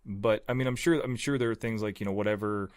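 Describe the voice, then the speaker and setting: A man co-hosting a podcast, a voice actor chatting casually in a rambling, filler-heavy, animated way. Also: lowish voice, fast talker. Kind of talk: casual chat. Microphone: podcast mic.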